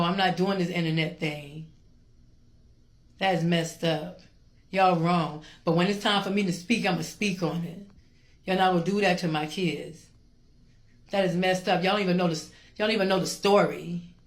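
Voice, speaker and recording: A woman's voice: fairly low pitch, no room sound. Confrontational middle-aged woman ranting. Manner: emphatic, repetitive, confrontational. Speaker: social media poster. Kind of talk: emotional rant to camera.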